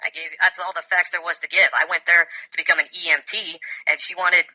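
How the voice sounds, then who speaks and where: A man's voice: fairly high pitch, level tone, a little fast, sharp tone, poor audio. A man defending his story in a debate, terse and dismissive. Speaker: debate guest.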